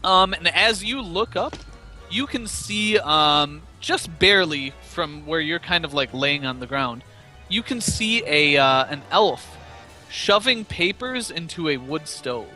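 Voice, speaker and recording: A high-leaning, sharp, expressive voice belongs to a game master narrating a tabletop game over voice chat at a slow pace. Faint music sits behind his relaxed, filler-heavy descriptions of scenes and rulings.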